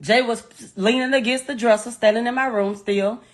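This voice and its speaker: A grieving mother with a Southern US accent, middle-aged and interviewed about the deceased, talks at a moderate pace. Her voice sits on the high side with fairly even intonation as she gives a raw, profane and distressed account.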